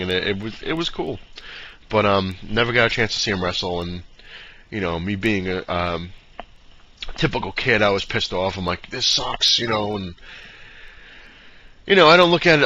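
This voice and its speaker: In a casual, meandering way, this male vlogger tells a lengthy story about his own life, full of fillers and quick impressions of the people in it, including his dad in quotes. His voice is on the low side with a sharp edge, captured in dull, slightly noisy lo-fi audio.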